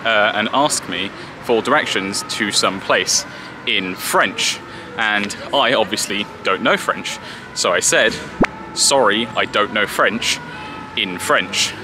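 A man's voice: fairly low pitch, slow pace, noisy background. A young man from Britain, chatting in a rambling, self-deprecating way to a handheld camera while walking through a city. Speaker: travel vlogger. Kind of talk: casual vlog monologue to camera. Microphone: handheld camera at arm's length.

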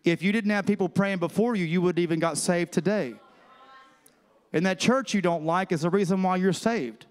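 Preacher guy, talks to the crowd like a chat, smooth voice, church echo behind him. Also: high voice, moderate pace. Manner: conversational preaching, calls to the congregation. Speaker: pastor. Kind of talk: sermon. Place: church sanctuary. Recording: reverberant church hall.

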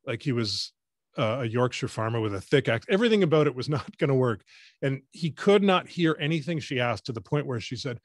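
A man's voice: medium pitch, fast talker, dry recording, clean studio sound. A man, a radio co-host who is a guest here, rambling and correcting himself as he tells stories over a video call. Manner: rambling, self-correcting storyteller. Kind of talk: casual talk in a webinar.

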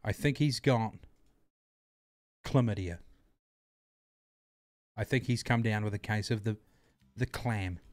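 A man's voice: fairly low pitch, measured pace, pauses often, a little mellow, no echo. A man hosting a casual livestream, bantering crudely, greeting his chat and repeating himself as he plays. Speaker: livestream host.

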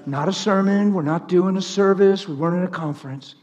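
A man preaching a sermon full of stories, animated, swinging from loud laughter to near whispers. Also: high-pitched, a little fast, in a large hall, muffled recording. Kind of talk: sermon with storytelling.

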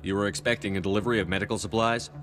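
An actor voicing a calm male military commander in a video game, speaking tersely and directly. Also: on the low side, racing, a little hiss or hum, close to an everyday voice.

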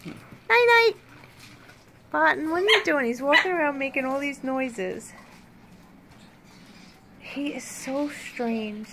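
High-voiced woman cooing to pet birds. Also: measured pace, long pauses. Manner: cooing baby talk to her birds. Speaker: pet bird owner and vlogger. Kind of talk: casual vlog chat to viewers and birds. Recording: loud bird squawks and noise behind.

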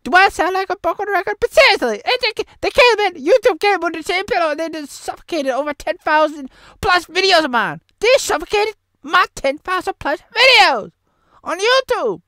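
A high-voiced woman rambles through a chaotic comedy review vlog, giggling, repeating herself and slipping into silly voices. Her tone is bright and edgy. The sound is dry and close to the mic. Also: expressive, moderate pace, no room sound. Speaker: vlogger reviewing a film.

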